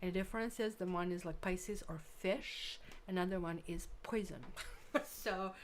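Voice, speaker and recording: A woman's voice: lowish voice, normal speed, a little hiss or hum. A woman hosting a live tarot stream, chatting casually with viewers and thinking aloud while she works.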